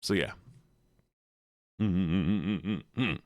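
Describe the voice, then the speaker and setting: A man's voice: deep voice, drawn-out words, darkish tone, dry recording, clean studio sound. A man streaming live, chatting casually and teasingly with his viewers. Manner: playful, teasing, talks straight to chat.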